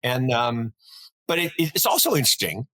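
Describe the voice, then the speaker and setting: Guy from north carolina chatting markets on a podcast, bright forceful tone, rambly storyteller. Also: mid-range voice, normal speed, low-quality recording. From North Carolina, USA. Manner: rambling, animated storytelling with restarts. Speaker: podcast co-host. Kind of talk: casual market chat.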